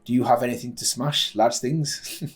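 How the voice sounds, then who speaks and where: A man's voice: fairly even intonation, moderate pace, husky, soft background music, natural voice. A man reading as a blunt stone colossus. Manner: booming, plain clipped speech. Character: giant living stone colossus, male, blunt and eager.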